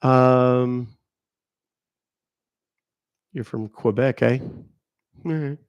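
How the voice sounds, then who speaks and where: Middle-aged male host, low fry-edged voice, dry close sound, chatty livestream rambler. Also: fairly even intonation, drawn-out words, no echo, lo-fi sound. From Texas. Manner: rambling, chatty, answering viewer comments. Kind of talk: casual livestream chat.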